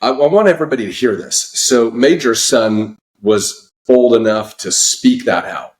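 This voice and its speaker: Male host, medium pitch, recorded in a roomy echoing space, drives the interview with motivational reflections. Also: expressive, normal speed. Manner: motivational, stresses key phrases, repeats himself when starting questions. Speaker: podcast host. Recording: echoey room.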